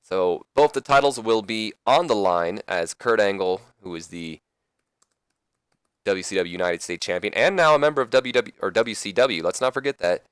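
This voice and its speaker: Low, clear-voiced casual game commentator. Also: male voice, no echo. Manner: casual, rambling, self-correcting. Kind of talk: let's play commentary.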